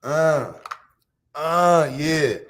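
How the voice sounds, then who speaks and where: A man from Harlem, hosting a casual livestream rant full of profane, boastful street slang and loud bursts. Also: on the high side, drawn-out words. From Harlem, New York. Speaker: livestream host.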